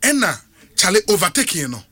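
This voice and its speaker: A Ghanaian man speaks as a radio panelist in a fairly high, bright voice. His pitch moves a lot as he breaks in to agree and add his own points. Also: big pitch swings, fast, breathy edge. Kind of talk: radio discussion.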